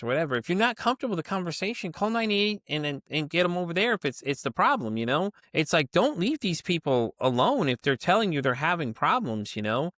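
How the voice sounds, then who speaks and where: A man's voice: fairly high pitch, big pitch swings, fast, few pauses, fairly bright tone, no room sound, clean studio sound. A man hosting a podcast interview, talking bluntly and rambling with lots of fillers and the odd curse. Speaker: podcast host. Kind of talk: casual conversational interview.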